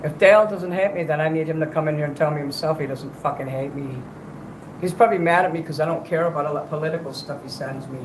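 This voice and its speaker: A man's voice: fairly high pitch, quick pace, echoey room, noisy background. A man livestreaming and chatting between karaoke songs, talking in a profane, rambling way with a strained, worn-out voice. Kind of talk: livestream chat with karaoke singing.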